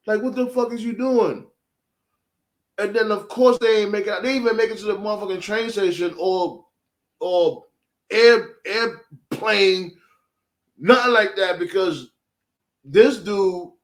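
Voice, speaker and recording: A man giving a casual, animated, profane recap of a show, full of slang. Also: high-pitched. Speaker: show reviewer.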